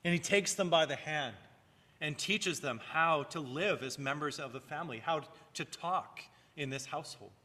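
A man's voice: fairly high pitch, normal speed, sharp tone, in a large hall. A male pastor preaching a sermon in an earnest way, rising and falling for emphasis and sometimes repeating a word.

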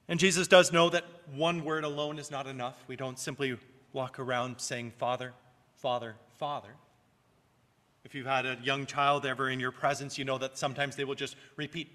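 A man's voice: medium pitch, fairly even intonation, moderate pace, sharp tone. Earnest preaching man in a reverberant hall. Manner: earnest, rising and falling emphasis, repeats words at times. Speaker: pastor. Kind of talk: sermon.

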